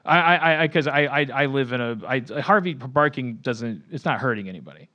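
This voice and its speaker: A man's voice: medium pitch, fairly quick, sharp tone, muffled recording. A man hosting a podcast, telling a long story in a rambling, self-mocking way with lots of profanity and restarts. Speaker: podcast host.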